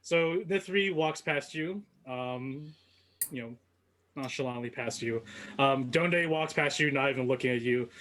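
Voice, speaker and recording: A man narrating a tabletop game as game master, with halting, filler-heavy delivery. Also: mid-range voice, fairly bright tone, slight background noise.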